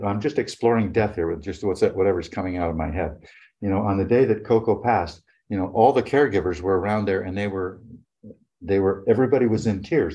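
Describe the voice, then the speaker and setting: An older retired man with a low, warm voice rambles through long personal stories, dropping "you know" again and again. The recording sounds muffled, and his tone is casual and reflective.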